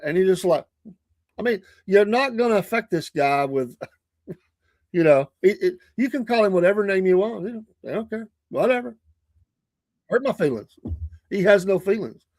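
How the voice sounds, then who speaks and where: A man's voice: high-pitched, dry recording, clean studio sound. Rambling, chuckling male show host. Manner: rambling, chuckling often, retells stories. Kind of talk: casual talk show chat.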